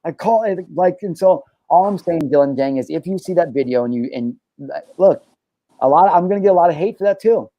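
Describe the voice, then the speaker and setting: A man's voice: fairly high pitch, animated, a little fast, no room sound, highs cut off. A man hosting a podcast, talking candidly and emphatically, swearing often and restarting his sentences. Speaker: show host.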